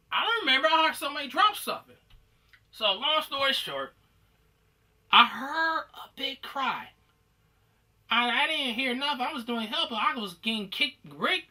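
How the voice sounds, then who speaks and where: A man from Detroit telling a rambling, profane story about gym fights, acting out shouted quotes as a comedian. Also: extremely high pitch, distant mic. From Detroit, USA.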